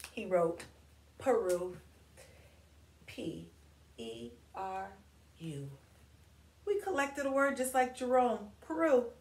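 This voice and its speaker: Slow, encouraging woman reading to kids. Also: mid-range voice, very animated, darkish tone, far from the mic. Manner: slow, encouraging, spells and claps words with kids. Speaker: storytime reader. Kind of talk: children's read-aloud lesson. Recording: echoey room with faint noise.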